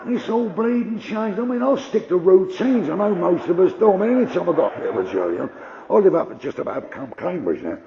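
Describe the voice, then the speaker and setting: An older man doing gruff, conversational stand-up storytelling. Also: sits high, very animated, a little fast, dull audio, noisy background. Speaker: stand-up comedian.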